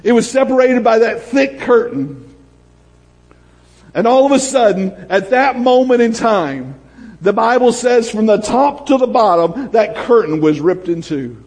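A man preaching a sermon as pastor, swinging from shouts down to hushed storytelling. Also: very high-pitched, lively intonation, measured pace. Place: church sanctuary. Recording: long hall reverb.

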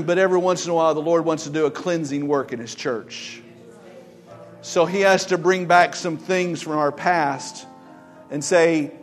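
A male pastor preaching a sermon in an emphatic, exhorting way, with soft music behind. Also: a little high, normal speed.

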